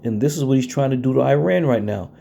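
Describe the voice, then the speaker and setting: Blunt, confrontational preacher man, dark-toned. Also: mid-range voice, animated, vocal fry. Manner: confrontational, blunt, reads verses slowly and stresses them. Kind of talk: scripture-based sermon.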